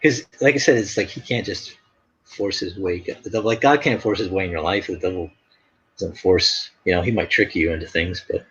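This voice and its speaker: A man's voice: low voice, a little fast, a bit bright, a little hiss or hum. A man chatting casually on a live stream, telling rambling stories full of fillers. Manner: rambling storyteller, many fillers. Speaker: artist hosting a live stream. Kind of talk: casual chat. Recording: dull lo-fi stream audio.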